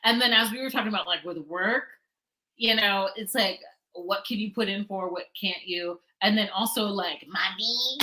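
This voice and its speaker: A woman chatting casually on a livestream, animated and quick to laugh, often trailing off and restarting. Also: mid-range voice, rough recording. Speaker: book blogger and guest co-host.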